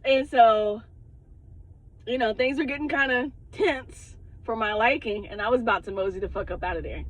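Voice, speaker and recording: Candid, cussing woman with a higher voice. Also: lively intonation, normal speed, low-quality recording. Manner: profane, candid, laughs often. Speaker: spiritual advisor. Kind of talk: casual storytelling vlog.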